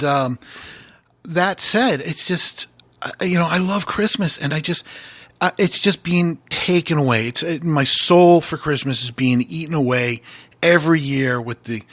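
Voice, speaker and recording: A man's voice: medium pitch, a bit bright, no echo. A man hosting a podcast in casual comedic chat, rambling and earnest, often restarting and repeating words. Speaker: podcast host. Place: podcast studio.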